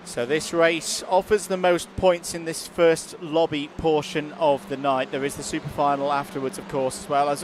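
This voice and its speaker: Male lead commentator, fairly high voice, faint noise behind, snappy play-by-play. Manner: brisk, rising to excited calls over on-track action. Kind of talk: live sim-racing play-by-play commentary.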